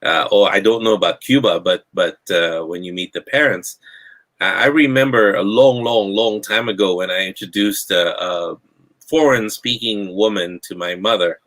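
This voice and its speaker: A man's voice: on the low side, moderate pace, a bit bright, rough recording. A man hosting a casual group discussion, often stammering and restarting as he tells a story. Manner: hesitant, stammering restarts, laughs while telling stories. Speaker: host. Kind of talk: casual chat.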